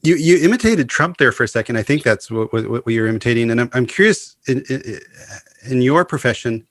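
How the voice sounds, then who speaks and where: A man hosting a podcast, asking questions in a casual, halting way with many restarts. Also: mid-range voice, animated, no echo, studio quality. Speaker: podcast host. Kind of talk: podcast conversation.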